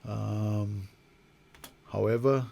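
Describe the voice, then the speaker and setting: A man's voice: on the low side, fairly even intonation, extremely slow, creaky, warm tone. A man giving casual, rambling, self-mocking play-by-play commentary over a football management game he is playing. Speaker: gaming video host.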